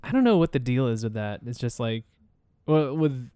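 A man co-hosting a casual podcast chat, easygoing and quick with short replies. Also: medium pitch, animated, dark tone, clean tone, dry recording, studio quality. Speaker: podcast co-host.

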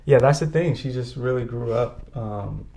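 A man from the Bay Area telling a funny story on a podcast, animated and full of fillers, laughing often. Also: medium pitch, normal speed, gravelly. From San Francisco Bay Area. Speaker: podcast co-host. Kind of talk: casual storytelling chat.

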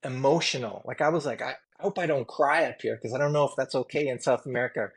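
Gravelly, earnest tattoo artist man. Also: medium pitch, fast talker. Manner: rambling, filler-heavy, earnest and emotional. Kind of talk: candid storytelling interview.

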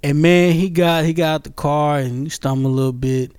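A man's voice: on the high side, fairly quick, a little mellow, smooth, no room sound. A man telling a funny story in casual chat, laughing often and repeating himself.

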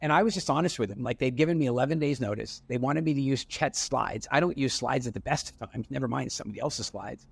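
A middle-aged man, an entrepreneur guest, telling stories in a casual, animated way with frequent restarts and acted-out dialogue. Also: mid-range voice, quick pace, gravelly, few pauses, husky. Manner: animated storyteller with many restarts, acting out dialogue. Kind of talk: casual storytelling interview.

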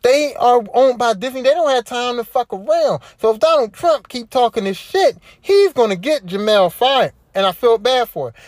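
A woman's voice: fairly high pitch, darkish tone, no room sound. Profane, worked-up woman podcaster. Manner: profane, repetitive, worked-up commentary. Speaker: podcast host. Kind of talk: casual solo podcast rant.

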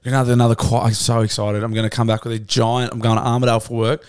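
A man's voice: medium pitch, little pitch movement, rapid-fire, smooth, dry recording, clean studio sound. An Australian man is co-hosting a podcast. His casual chat is crude and rambling, and he laughs a lot as he goes. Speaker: podcast co-host.

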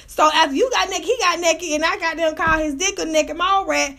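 Woman, high voice, bright tone, casual storytelling, profane and animated, slangy. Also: brisk, vocal fry, hardly any pauses. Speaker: podcast host telling a story.

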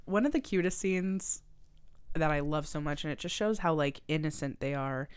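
Chatty young woman co-host, lowish voice. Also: normal speed, clean tone, no room sound. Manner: chatty, swears a lot, acts out quotes. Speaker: podcast co-host. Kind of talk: casual chat.

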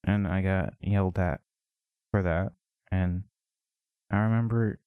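Slow, low-voiced man musing on podcast. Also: fairly even intonation, clean tone, no echo, phone-quality sound. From United States. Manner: reflective, halting, with many pauses. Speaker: podcast host. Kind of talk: personal confessional podcast monologue.

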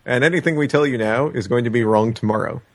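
A man's voice: mid-range voice, quick pace. A man co-hosting a casual podcast, talking things through at length and full of opinions. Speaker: podcast co-host. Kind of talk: casual chat.

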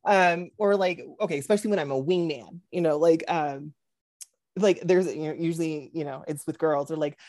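A man in his thirties, co-hosting a podcast in casual chat, telling animated stories full of acted-out quotes and frequent laughter. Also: a little high, normal speed, no echo, clean studio sound. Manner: animated storyteller acting out quotes, laughs often. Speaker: podcast co-host.

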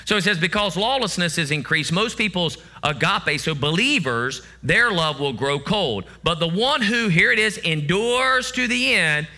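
A man's voice: high voice, lively intonation, normal speed, few pauses, sharp tone. A man preaching a sermon, emphatic and fond of repeating phrases, sometimes acting out voices. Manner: acts out voices of God and of begging believers.

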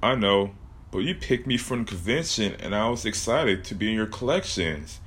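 A man's voice: lowish voice, animated, moderate pace, a bit bright. A man voicing a cursed killer plush toy that taunts its victims. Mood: calm. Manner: taunting, mocking.

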